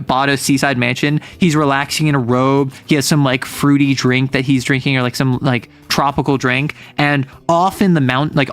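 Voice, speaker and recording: A man streaming, casually retelling a manga with lots of fillers and wry asides. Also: mid-range voice.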